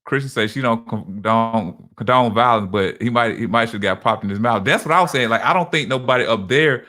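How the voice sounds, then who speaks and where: A man's voice: mid-range voice, brisk, bright, forceful tone. A man in casual podcast chat, telling stories loosely with many restarts. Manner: loose, repetitive storytelling with frequent restarts. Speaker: podcast co-host.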